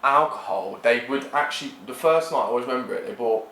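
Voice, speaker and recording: A young, chatty guy guesting on a podcast speaks quickly in a mid-range voice, animatedly voicing the people in his anecdotes. The room sounds echoey, with slight background noise.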